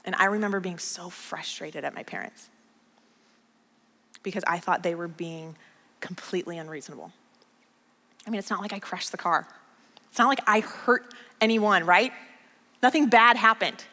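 Bright-voiced woman pastor preaching. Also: on the low side, normal speed, long pauses, in a large hall. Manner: storytelling, emphatic repetition. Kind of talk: conversational sermon.

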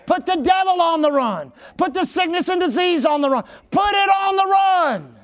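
Fervent high-voiced male preacher. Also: lively intonation, moderate pace. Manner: fervent, emphatic preaching with shouted exhortations. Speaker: pastor. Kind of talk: sermon.

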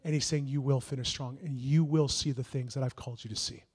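A young man preaching a sermon, earnest and encouraging, building into shouted prophetic declarations. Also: mid-range voice, fairly even intonation, fast, slightly rough.

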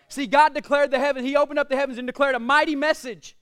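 A man preaching a sermon as pastor, asking the congregation questions and swinging between loud declarations and quiet asides. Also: very high-pitched, steady tone, quick pace. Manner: preaching with rhetorical questions and call-outs to the congregation.

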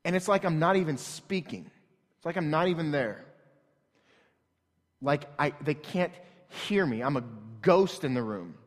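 A man's voice: fairly high pitch, animated, a little slow. A man in his thirties preaching a sermon in a church, telling a story in an earnest, conversational way. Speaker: pastor. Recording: long hall reverb.

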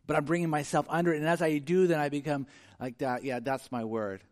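A man preaching a sermon, earnest and conversational, moving from quiet reflection to emphatic, rising delivery. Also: fairly high pitch, steady tone, fairly quick. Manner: conversational with frequent restarts. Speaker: pastor.

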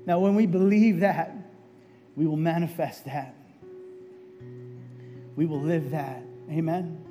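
High-voiced male pastor preaching. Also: steady tone, takes it slowly, long pauses, music in the background. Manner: conversational preaching, frequent "right?" asides. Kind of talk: sermon with personal story.

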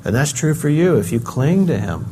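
An older man preaching a sermon, swinging between loud emphasis and quiet, reflective asides. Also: a little high, very animated, moderate pace, slight background noise. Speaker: pastor.

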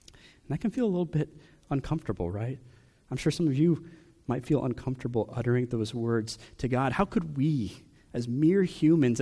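A young adult man preaching a personal sermon, asking question after question with long pauses. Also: medium pitch, dark tone. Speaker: pastor.

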